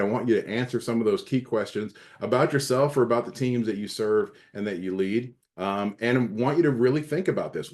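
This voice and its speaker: A man's voice: lowish voice, a little mellow. A middle-aged man, a leadership coach, presenting a recorded training session in an earnest, emphatic way, often restarting and repeating words.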